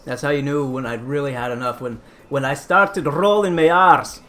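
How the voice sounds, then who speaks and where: A man's voice: mid-range voice, steady tone, a little fast, bright, forceful tone, soft background music. A man hosting a casual cooking live stream, chatty and rambling as he answers chat.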